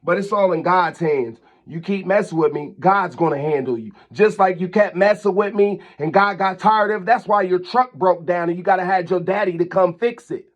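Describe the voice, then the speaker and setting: A man, his voice sitting fairly high, vents at length in a vlog rant. He scolds and repeats himself, heated and insistent as he talks straight to camera. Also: moderate pace, hardly any pauses. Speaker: channel host.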